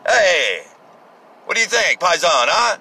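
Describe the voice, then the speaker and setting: A man's voice: high voice, very animated, slow, pushed and bright, breathy edge, heavily acted. A man putting on a blustering middle-aged Italian mob boss, with mocking, exaggerated exclamations. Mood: mocking swagger.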